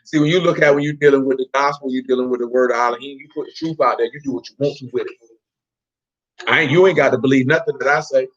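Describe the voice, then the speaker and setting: A man's voice: mid-range voice, fairly even intonation, quick pace, dull audio. A man teaching an informal Bible study, talking in slang and quizzing listeners by name. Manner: slangy, street-talk preaching.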